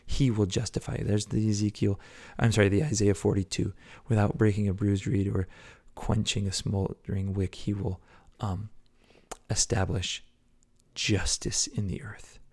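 A man preaching a devotional podcast sermon, earnest, swinging between loud exhortation and hushed whispers. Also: on the low side.

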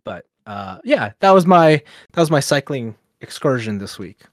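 A man rambles through a casual anecdote. He talks in a middle-pitched voice, acting out what people said. The recording is close and dry. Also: moderate pace, no echo. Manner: rambling, animated storyteller with many fillers and quoted asides. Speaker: podcast co-host. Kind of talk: casual storytelling chat.

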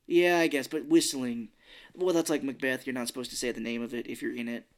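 A man's voice: medium pitch, steady tone, a little fast. Chatty man retelling a movie. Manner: retells scenes with acted quotes and chuckles. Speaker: podcast co-host. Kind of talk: casual movie chat.

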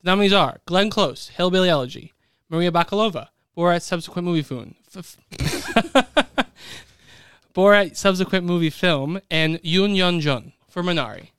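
A young man with a smooth, fairly high voice, recorded dry and close, hosts a casual podcast. He is playful and laughs often as he reads out lists of nominees. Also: moderate pace, fairly bright tone, no echo. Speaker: podcast co-host announcing awards.

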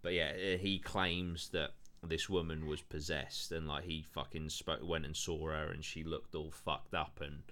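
A man's voice: rumbling low, level tone, measured pace, few pauses, pushed and bright. A man hosting a podcast, telling stories in loose casual chat, full of fillers and swearing. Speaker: podcast host.

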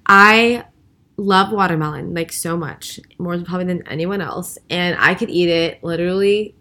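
A woman's voice: on the low side, moderate pace, pushed and bright. A woman co-hosting a casual podcast, speaking in an upbeat, chatty way. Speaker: podcast co-host. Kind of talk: casual chat.

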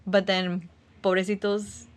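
A woman's voice: mid-range voice, little pitch movement, a little slow. A woman hosting a podcast, chatting casually with a dry, sarcastic humor and frequent laughter. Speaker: podcast host.

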